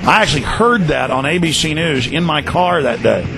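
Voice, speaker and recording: A man hosting a talk radio show, delivering a heated, combative monologue in fast bursts. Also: on the high side, animated, vocal fry, over music, low-quality recording.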